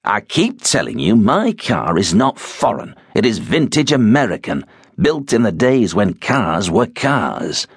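A man voicing a bad-tempered middle-aged husband who mutters gruffly, in an audiobook. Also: lowish voice, sing-song, a little slow, no room sound, clean studio sound, exaggerated voice. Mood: irritated.

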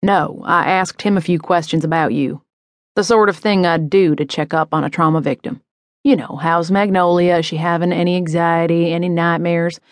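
A calm male detective who keeps pressing in a gentle, sympathetic-sounding way, as a woman reader voices him. The tone sits low and even, and the reading is dry and close, with no room around it. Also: normal speed, dry recording, natural voice. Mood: coaxing. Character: calm, probing adult male police detective.

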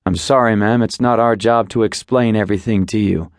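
A male audiobook narrator voicing a measured, politely firm federal agent. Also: on the low side, steady tone, no room sound, clean studio sound, natural voice. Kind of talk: audiobook character voice.

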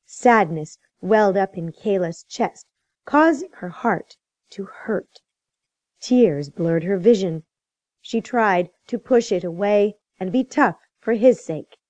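Slow, expressive woman narrator. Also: mid-range voice, no echo, highs cut off. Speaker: audiobook narrator. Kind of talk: scripted narration.

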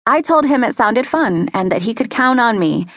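A young adult woman reading a first-person audiobook in a measured, conversational storytelling manner. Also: fairly high pitch, expressive, a bit bright, no room sound, studio quality. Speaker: audiobook narrator. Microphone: close studio mic.

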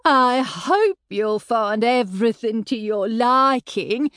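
A woman's voice: a little high, very animated, slow pace, fairly bright tone, no room sound, studio quality, pitched above the performer's own voice, full character voice. A woman doing a sugary, fussing mother. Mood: gushing. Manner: sugary, gushing, babbling. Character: fussy gushing middle-aged mother, woman. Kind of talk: audiobook character voice.

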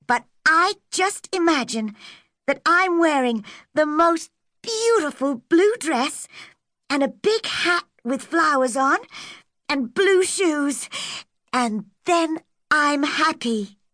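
A high, bright little orphan girl, as a woman reader puts her on, eager and dreamy, her voice leaping up and down as she chatters. She speaks slowly, and the recording is close and dry. It is an audiobook character voice. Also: lively intonation, dry recording, exaggerated voice. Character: chatty imaginative orphan girl, about eleven.

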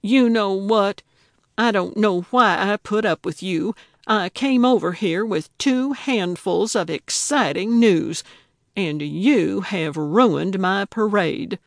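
A woman's voice: mid-range voice, expressive, slow pace, creaky, dry recording, studio quality. A woman reading an audiobook, voicing a feisty, indignant elderly woman who fancies herself a detective. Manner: indignant, emphatic.

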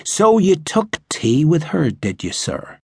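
A man's voice: a little high, very animated, slow, creaky, breathy edge, voice pushed up, exaggerated voice. A man voicing an army sergeant who teases his officer slyly. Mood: teasing. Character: teasing male army sergeant.

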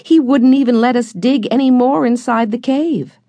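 Lively curious girl, read by a woman. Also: mid-range voice, unhurried, dry recording, voice pushed up. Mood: eager.

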